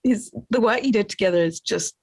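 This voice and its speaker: An English woman actor in casual conversation, speaking haltingly with warm, affirming remarks. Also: medium pitch, husky, no echo.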